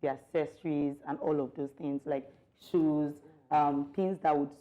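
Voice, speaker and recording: Nigerian woman designer guest, low voice, hesitant, slightly dull recording. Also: steady tone, unhurried. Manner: hesitant, many fillers. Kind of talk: interview answers.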